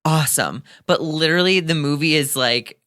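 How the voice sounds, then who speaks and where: A man appearing as a podcast guest, chatting casually in an excitable, joking way. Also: a little high, normal speed. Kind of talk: casual chat.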